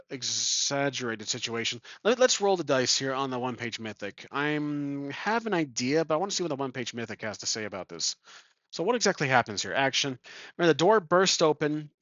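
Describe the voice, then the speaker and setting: A man's voice: mid-range voice, expressive, normal speed, a bit bright, no echo. Guy talking through a solo rpg, rambly and chuckly, mid voice, kinda muffled dry mic. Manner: rambling, chuckling, self-correcting. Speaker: solo tabletop game player. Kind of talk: thinking aloud while playing a solo game. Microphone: desk microphone.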